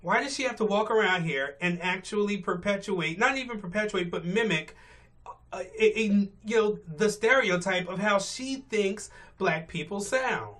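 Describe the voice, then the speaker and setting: A man's voice: high voice, animated, moderate pace, a bit bright. A male vlogger giving blunt, profane, exasperated rant commentary from his car on a morning commute. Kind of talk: ranting commentary.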